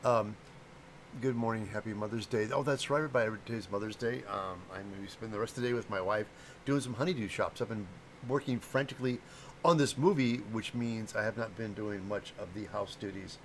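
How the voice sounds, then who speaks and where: A man's voice: lowish voice, brisk, slight background noise. A middle-aged man from the American Midwest chatting loosely with viewers on a livestream, rambling and stumbling over names. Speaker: livestream host and prop maker. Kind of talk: casual livestream chat.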